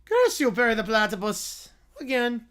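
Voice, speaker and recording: A man's voice: very high voice, very animated, normal speed, a bit bright, clear, resonant tone, exaggerated voice. A man voicing a bumbling, theatrical middle-aged evil scientist who rambles and stammers. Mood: rambling.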